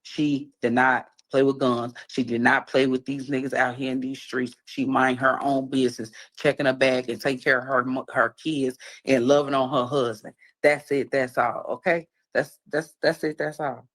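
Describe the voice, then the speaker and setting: A man's voice: medium pitch, flat delivery, moderate pace, few pauses, a bit bright, low-quality recording. A man with a Chicago accent talks on a livestream in an earnest, pleading and blunt way. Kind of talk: livestream talk.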